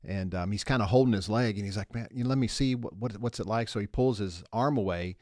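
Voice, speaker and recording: Animated man telling a story on a podcast. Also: lowish voice, fast talker, no room sound, studio quality. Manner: animated storyteller, acts out voices, laughs often. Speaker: podcast co-host. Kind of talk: casual storytelling chat.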